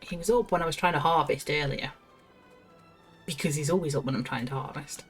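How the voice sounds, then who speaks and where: A woman's voice: deep voice, a little fast, soft background music. A woman streaming a video game, chatting casually, laughing to herself and reading quest text aloud. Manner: chatty, giggly, talks to herself.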